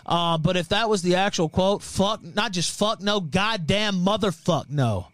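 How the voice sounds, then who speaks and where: A man's voice: sits high, unhurried, fairly bright tone, no echo. A man hosting a livestream, delivering a profane, threatening, heated rant. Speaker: livestream host.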